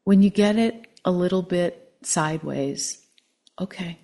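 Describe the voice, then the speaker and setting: A woman meditation teacher giving a dharma talk, gentle and reflective with frequent pauses. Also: fairly low pitch.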